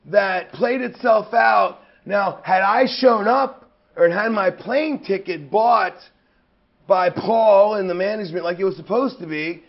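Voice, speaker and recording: A man in his thirties, a pro wrestler in an interview, telling a story in an emphatic, profane, rambling way. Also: high voice. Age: 30s. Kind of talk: anecdotal storytelling. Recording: dull lo-fi recording.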